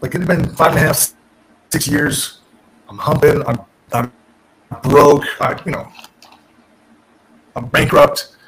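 A man who is a former wrestler and podcast guest, telling a story in casual, animated talk, restarting sentences and acting out what people said. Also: fairly high pitch, slow, long pauses, rough recording. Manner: animated, restarts and self-corrects, acts out quotes.

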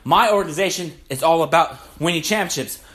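A man's voice: fairly high pitch, brisk, fairly bright tone. A young man hosting a sports podcast, delivering a heated, profane, repetitive rant to listeners. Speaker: podcast host. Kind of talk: ranting sports podcast monologue.

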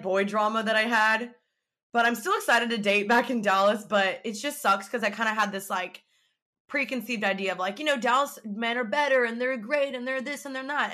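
Young woman, bright voice, chatty storyteller full of "like"s. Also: fairly high pitch. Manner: chatty, animated, lots of "like" and acted-out quotes. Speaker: vlogger. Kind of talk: casual storytelling.

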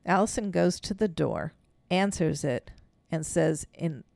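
Gravelly-voiced woman telling a story. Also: sits low, measured pace, no echo. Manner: animated storyteller, laughs often, acts out quotes. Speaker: podcast co-host. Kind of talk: casual storytelling chat.

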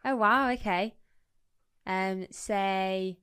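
A woman's voice: medium pitch, fairly quick, a bit bright, no echo, clean studio sound. A woman co-hosting a podcast in casual chat, teasing and chatty. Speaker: podcast co-host.

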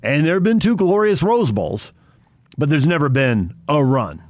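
A man's voice: a little high, big pitch swings, normal speed, dry recording, clean studio sound. A man co-hosting a sports radio show, chatting casually and laughing often with jokey asides.

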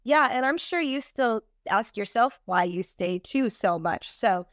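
A woman's voice: on the high side, expressive, unhurried, no echo, studio quality. Candid woman guest on a podcast. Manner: candid, reflective, a little hesitant. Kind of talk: casual interview talk.

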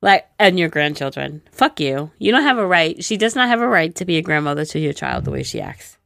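A woman's voice: sits low, very animated, fairly quick, vocal fry, a bit bright, no room sound, clean studio sound. A young woman co-hosting a chat show, agreeing in short replies and speaking out indignantly. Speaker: podcast co-host. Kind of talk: casual chat.

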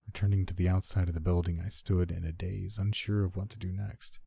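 A man reading a first-person horror story in a measured, subdued way. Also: low voice, level tone, vocal fry, warm tone, husky, no room sound, clean studio sound.

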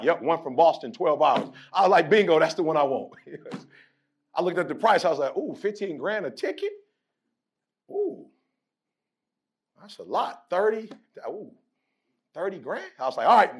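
A man giving a preacher-like pep talk to a college sports team. He talks in an emphatic rhythm, acts out conversations when telling stories, and leads call-and-response chants that build to shouts. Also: sits high. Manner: storytelling and playful, acting out conversations. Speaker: motivational speaker addressing a college sports team.

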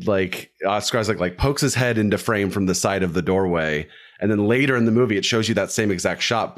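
Deep-voiced man musing over films. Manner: meandering, self-interrupting analysis with many fillers. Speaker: podcast co-host discussing films. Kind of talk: casual chat.

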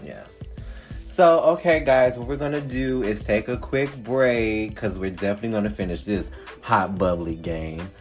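A man's voice: fairly low pitch, moderate pace, darkish tone, faint music behind. A man hosting a podcast, chatting casually with slangy banter and frequent laughter. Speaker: podcast host.

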